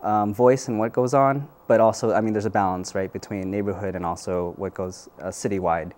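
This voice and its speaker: Soft-spoken man with low voice. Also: fairly even intonation. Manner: measured, thoughtful, frequent fillers. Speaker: community organizer guest. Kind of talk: news interview.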